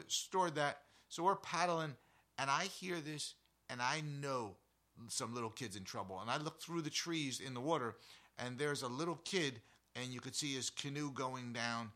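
Guy hosting an outdoor show, bright sharp voice, rambly animated storytelling. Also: medium pitch, normal speed. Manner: rambling, animated, full of asides. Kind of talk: casual storytelling.

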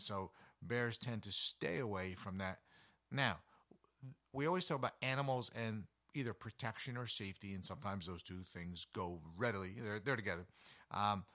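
This is a man giving an educational nature talk in a loose, storytelling way. His voice sits low but sounds bright and forceful. He chats along with plenty of casual asides. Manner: folksy and animated, with chatty asides. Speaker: wildlife educator. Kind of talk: conversational nature talk with anecdotes.

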